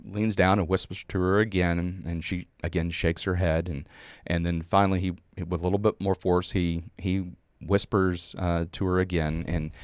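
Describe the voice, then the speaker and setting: Deep-voiced man telling an army story. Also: smooth, no room sound, clean studio sound. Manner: rambling with many fillers and restarts. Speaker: guest. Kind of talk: storytelling in a conversation.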